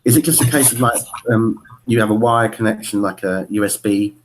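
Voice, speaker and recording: Casting: fast, low-voiced man, eager, tripping over his words, video call. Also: slight background noise. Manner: enthusiastic, stumbling restarts. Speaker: caller on a live video stream. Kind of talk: casual chat.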